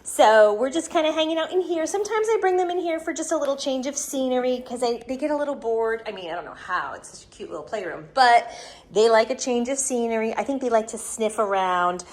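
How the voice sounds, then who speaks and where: A woman's voice: a little high, animated, fairly quick. A woman hosting a casual home vlog from her living room, chatty and giggly, talking to viewers and breaking into baby talk with puppies. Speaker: dog breeder and channel host.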